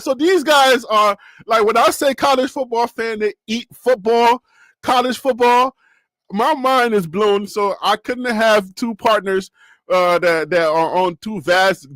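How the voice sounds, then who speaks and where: A man hosting a live sports talk stream in a chatty, animated way, often laughing and swinging his voice up and down. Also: on the high side, no room sound.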